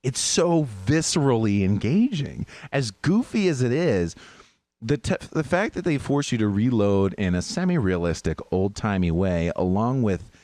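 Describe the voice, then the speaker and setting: A man hosting a podcast, telling gaming stories in a lively way and mimicking sounds from the game. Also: mid-range voice, normal speed, no room sound. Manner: animated storyteller, mimics game sounds and voices. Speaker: podcast host. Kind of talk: casual gaming chat.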